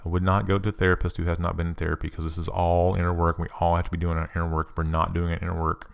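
A man's voice: deep voice, completely flat delivery, rapid-fire, vocal fry, clear, resonant tone. A middle-aged man giving an earnest, confessional self-help talk, telling personal stories and repeating phrases for emphasis.

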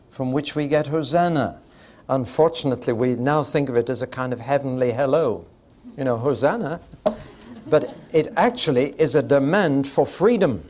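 A man's voice: mid-range voice, lively intonation, moderate pace. An older man, preaching a Bible teaching to his congregation in a conversational, explanatory way with bursts of dramatic emphasis.

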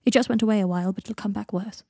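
A woman's voice: medium pitch, fairly even intonation, rapid-fire, gravelly, warm tone, no echo. Woman reading a proud, pained young wizard. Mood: wry subdued. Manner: dry, lightly wry, crying out in pain.

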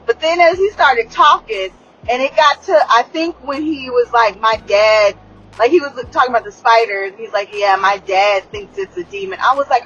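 Excitable profane woman recapping a show. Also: on the high side, moderate pace, muffled recording, a little hiss or hum. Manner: excitable, profane, rambling with many fillers. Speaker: show reviewer. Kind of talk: casual recap chat.

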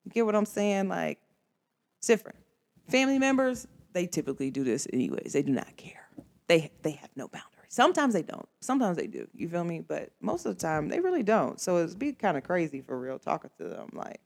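Woman going off on a rant to her viewers, slangy and emphatic, pitch jumping all over. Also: huge pitch swings, fairly quick, gravelly. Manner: emphatic, slangy and conversational, addresses viewers directly. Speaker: vlogger. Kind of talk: casual ranting monologue.

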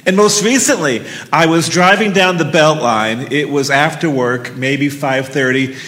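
A man's voice: a little high, a little slow, fairly bright tone. A middle-aged man telling a personal story live on stage into a handheld mic, earnest and vivid, with casual swearing. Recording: long reverb of a hall.

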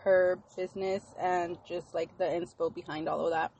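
A woman's voice: on the low side, flat delivery, normal speed, darkish tone, slight background noise. A woman co-hosting a casual podcast chat, tossing in playful quips. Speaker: podcast co-host.

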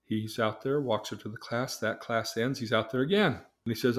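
An older man hosts a podcast and speaks at a middle pitch. He tells a story from his counselling work in a conversational way, slipping into the voices of the people in it. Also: measured pace. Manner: conversational, acts out dialogue in different voices. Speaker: therapist and podcast host.

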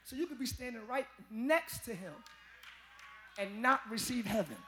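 A male pastor preaching a live sermon to his congregation, folksy and talking to them as y'all, with quiet asides that break into shouted peaks. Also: extremely high pitch, expressive, moderate pace, noisy background. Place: large church.

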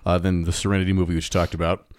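A man's voice: deep voice, little pitch movement, rapid-fire, darkish tone, clean tone, no echo, clean studio sound. A man co-hosting a podcast, chatting casually, joking and laughing as he reads out facts. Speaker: podcast co-host. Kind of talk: casual chat.

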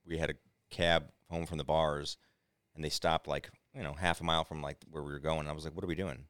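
Fast-talking deep-voiced man telling stories. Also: level tone, a bit bright, clear, resonant tone, no room sound, studio quality. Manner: rambling anecdotes with acted-out quotes. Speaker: podcast co-host. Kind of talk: casual storytelling.

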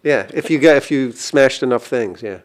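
A man co-hosting a casual podcast, joking and cutting in quickly. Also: medium pitch, slight background noise. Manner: jokey, quick interjections. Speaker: podcast co-host. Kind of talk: casual chat.

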